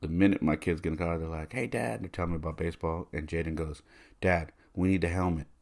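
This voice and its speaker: This podcast host, a middle-aged man, talks quickly in a low, slightly mellow voice with flat delivery. He recounts something from his own life conversationally, filling gaps with fillers and voicing the people he quotes.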